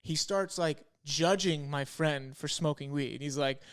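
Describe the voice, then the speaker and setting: A man's voice: fairly high pitch, measured pace, clear, resonant tone. A young man co-hosting a podcast, telling stories in a laid-back way full of "like" and "you know". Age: young adult. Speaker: podcast co-host. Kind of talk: casual storytelling chat.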